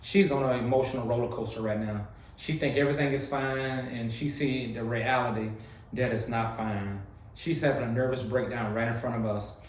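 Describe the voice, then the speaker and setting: A man's voice: medium pitch, steady tone, moderate pace, echoey room, recorded from a distance, slight background noise, poor audio. A man hosting a reaction video, commenting casually on a clip and teasing while talking straight to his viewers. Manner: chatty, teasing, addresses viewers as fam.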